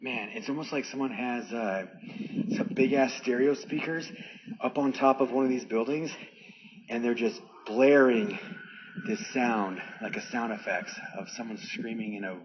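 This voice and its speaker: A man's voice: mid-range voice, moderate pace. A man filming in an open field in stormy weather and talking to someone on the phone, uneasy about a strange sound. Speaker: vlogger filming outdoors. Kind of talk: casual live narration to a phone call. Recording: dull phone recording with loud outdoor noise.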